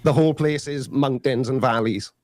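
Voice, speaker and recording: A man's voice: medium pitch, normal speed, a little mellow. A man from Wales in debate banter, dry and sarcastic, insisting on his point.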